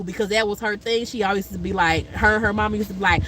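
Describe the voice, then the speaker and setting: A woman speaks, at an ordinary middle pitch, in rambling casual storytelling full of fillers. Now and then she jumps high and loud to mimic someone she is quoting. A faint noise sits behind her voice. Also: fast talker, few pauses, rough recording. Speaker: vlogger.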